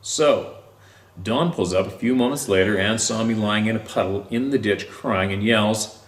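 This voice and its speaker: Low-voiced man narrating slowly in a roomy space. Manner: slow, deliberate reading with drawn-out pauses. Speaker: story narrator. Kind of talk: scripted narration of a first-person encounter story.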